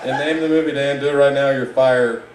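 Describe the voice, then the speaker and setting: A man's voice: medium pitch, steady tone, fairly quick, background noise. Mocking man roasting from a distant mic. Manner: mocking, rambling, shifts into loud outbursts. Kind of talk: live stand-up roast set. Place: live event room. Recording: echoey room, distant mic, audible background.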